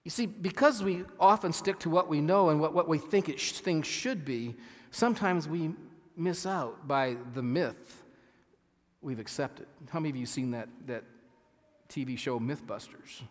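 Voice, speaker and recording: Earnest pastor preaching in a reverberant hall. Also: male voice, a little high. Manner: earnest, halting with frequent restarts, reading scripture slowly with emphasis. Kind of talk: sermon.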